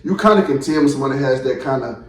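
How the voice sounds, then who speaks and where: A man's voice: mid-range voice, animated, rapid-fire, far from the mic. A man hosting a casual podcast, blunt and slangy, talking straight to his listeners. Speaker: podcast host. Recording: roomy, from off mic.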